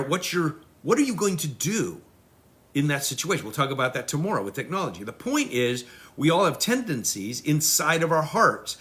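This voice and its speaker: A middle-aged man giving a parenting lesson, acting out children and parents in quick voices. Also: medium pitch, bright, forceful tone. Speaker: parenting teacher. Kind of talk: teaching talk.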